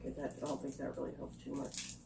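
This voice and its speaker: A woman reviewing snacks in a casual taste-test vlog, chatting and thinking aloud with quiet asides. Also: quick pace, background noise. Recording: echoey room.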